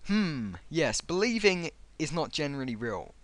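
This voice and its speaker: Young adult male vlogger, sarcastic, animated delivery with wide pitch swings. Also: normal speed, few pauses, no echo. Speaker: vlogger reading out comments. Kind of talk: casual commentary on an online argument.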